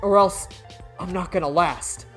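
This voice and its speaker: A man voicing a brash, boisterous young male astronaut hothead who shouts and stammers when flustered. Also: high-pitched, measured pace, soft background music. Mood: strained bravado.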